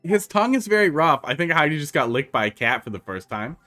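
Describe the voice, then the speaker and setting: A man's voice: on the high side, sing-song, fast, sharp tone, soft background music. A man with a Wisconsin accent, chatting casually as a streamer while he plays and answers chat. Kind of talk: casual live-stream commentary.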